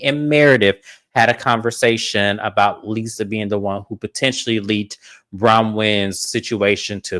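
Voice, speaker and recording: A man hosting a casual reality TV recap, animated and blunt, swearing freely and acting out quotes. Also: no room sound, studio quality. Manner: animated, acts out quotes in a high put-on voice.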